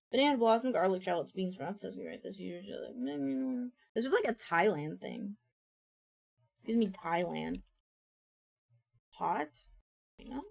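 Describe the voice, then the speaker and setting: A woman's voice: medium pitch, vocal fry, a little mellow. A woman streamer chatting casually and thinking aloud, often mumbling to herself at a desk microphone. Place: home streaming setup.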